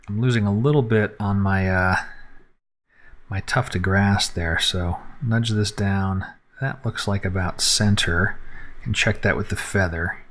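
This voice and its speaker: Low-voiced man narrating a live edit. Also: fairly bright tone. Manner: thinks aloud, narrating each step with frequent fillers. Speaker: photographer teaching photo editing. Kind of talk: unscripted live screen-recorded editing tutorial.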